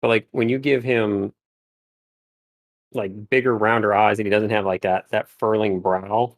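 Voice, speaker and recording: A man's voice: fairly low pitch, steady tone, measured pace, no echo. A man chatting casually on a live stream as a guest painter, talking in loose, rambling sentences full of restarts. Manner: rambling, lots of filler and restarts. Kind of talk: casual livestream chat.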